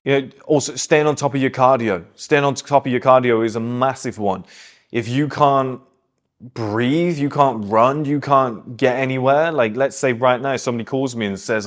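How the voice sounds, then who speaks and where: A man's voice: mid-range voice, normal speed. Blunt, preachy man. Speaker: host. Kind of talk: motivational monologue.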